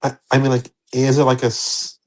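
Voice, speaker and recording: A man in casual political chat, halting and filler-heavy. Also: medium pitch, completely flat delivery.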